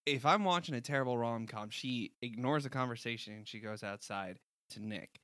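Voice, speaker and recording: A woman's voice: a bass voice, moderate pace, fairly bright tone, no room sound. A woman co-host in casual comedic chat, wisecracking and rambling a little.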